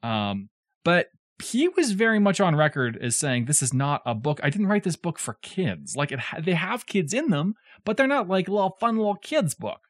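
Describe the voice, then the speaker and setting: A man's voice: a little high, sing-song, normal speed, no room sound, studio quality. A man from the southern United States co-hosting a podcast, explaining a classic novel in casual, digressive chat with joking asides.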